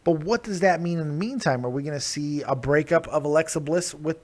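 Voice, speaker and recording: Excitable high-voiced male show host. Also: brisk. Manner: excitable, laughs often, swears. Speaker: host of a live call-in wrestling review show. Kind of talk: casual wrestling talk.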